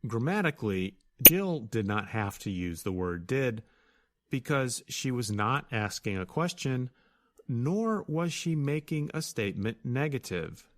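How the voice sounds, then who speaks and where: A man co-hosting a scripted English lesson, speaking slowly and carefully with a melodic, rising and falling pitch. He explains each point plainly and spells words out letter by letter for learners. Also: big pitch swings. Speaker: co-host and English teacher. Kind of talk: scripted teaching dialogue.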